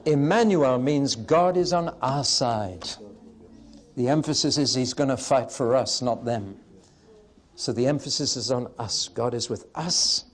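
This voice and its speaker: A man preaching a sermon to a live audience with an emphatic, wry delivery and pauses for effect. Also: medium pitch.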